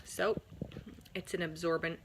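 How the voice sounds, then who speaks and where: A woman, a mom chatting casually with a bubbly, laughing, energetic manner. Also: lowish voice, a little slow, background noise. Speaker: mom sharing family tips. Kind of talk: casual chat to camera.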